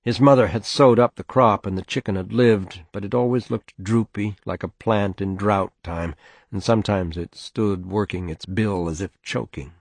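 A man reading a short story aloud in a steady, measured way. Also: fairly low pitch, no room sound. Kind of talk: scripted narration of a short story.

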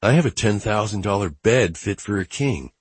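Smug rich brother, sneering and superior, read by a male narrator, low husky voice. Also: lively intonation, moderate pace, dry recording. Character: smug self-righteous wealthy brother.

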